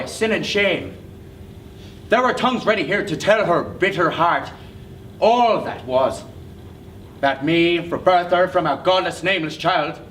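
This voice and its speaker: An actor playing a brooding, bitter man haunted by his family, speaking intensely and often in a hush. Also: high-pitched. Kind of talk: stage play acting. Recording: distant mic with noisy hiss.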